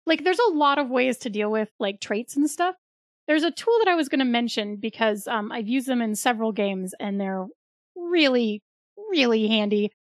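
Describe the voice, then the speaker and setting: Chatty high-voiced woman. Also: expressive, moderate pace, no echo, studio quality. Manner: chatty, many likes and rights, laughs easily. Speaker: podcast co-host. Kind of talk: casual chat.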